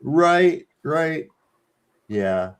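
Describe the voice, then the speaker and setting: A man's voice: fairly high pitch, sing-song, very slow, smooth, dry recording. A man on a live panel chatting casually, adding blunt, agreeing remarks. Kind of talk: casual chat. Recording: noisy line.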